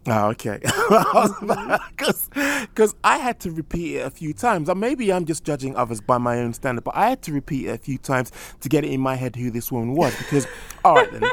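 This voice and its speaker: A man's voice: fairly high pitch, sing-song, normal speed, gravelly. A man co-hosting a combat-sports podcast, chatting in a jovial, teasing way. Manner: jovial, quizzing his co-host. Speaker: podcast co-host. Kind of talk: casual podcast chat.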